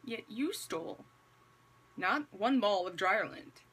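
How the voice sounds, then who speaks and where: A woman's voice: medium pitch, lively intonation, takes it slowly, a bit bright, slightly rough. A woman talking to camera in casual vlog commentary with a religious message, wry and conversational, posing rhetorical questions and slipping in sarcastic asides. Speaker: vlogger.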